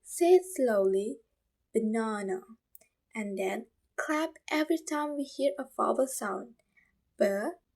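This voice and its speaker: A woman student with an Indonesian accent presenting a class video lesson, explaining slowly and carefully with repeated examples. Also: high voice, animated, vocal fry, a little mellow.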